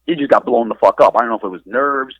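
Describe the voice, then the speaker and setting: A man's voice: medium pitch, fast talker, no echo, highs cut off. A man casually telling profane wrestling stories on a podcast, acting out what everyone said. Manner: profane, animated storyteller acting out quotes. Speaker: wrestler and trainer, podcast guest.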